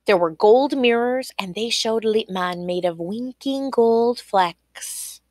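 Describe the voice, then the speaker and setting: A woman reading a children's folk tale aloud in an expressive storytelling voice. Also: a little high, takes it slowly, no echo, studio quality. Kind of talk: storybook read-aloud narration.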